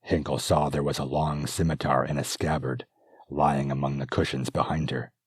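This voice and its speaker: Very deep husky male narrator. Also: level tone, no echo, studio quality. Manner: measured, descriptive storytelling. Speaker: author and audiobook narrator. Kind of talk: scripted narration.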